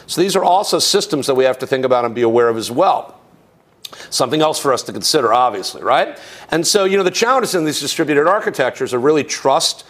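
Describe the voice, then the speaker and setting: Man lecturing casually on tech. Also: on the high side. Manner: explanatory, rhetorical questions, casual asides. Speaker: instructor.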